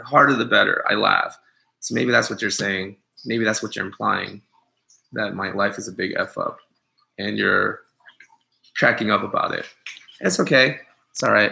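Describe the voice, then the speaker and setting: A young man chats on a live stream, reading out comments and answering them with rambling, sarcastic jokes. His voice is bright and forward, with a gravelly edge. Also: mid-range voice, poor audio. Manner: joking, sarcastic, rambling, with mock-offended asides. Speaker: groomer hosting a live stream.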